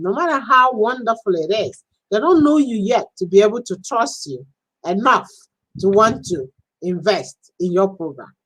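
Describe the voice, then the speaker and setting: A woman coaching on a live stream in a chatty, animated way, laughing often and acting out little quoted exchanges. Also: on the high side, low-quality recording. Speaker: business and social media coach.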